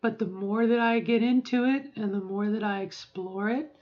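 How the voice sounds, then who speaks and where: A woman's voice: a little high, moderate pace, muffled recording. A middle-aged woman talking casually in a voice-training vlog, rambling and often checking in with "okay?". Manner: rambling, keeps adding "okay?". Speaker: vlogger.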